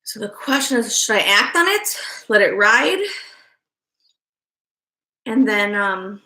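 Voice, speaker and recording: A woman's voice: medium pitch, very animated, slow, pushed and bright. A woman hosting a casual tarot livestream, frustrated and muttering to herself, sometimes swearing, then reading viewers' questions. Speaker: tarot reader and livestream host. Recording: echoey room.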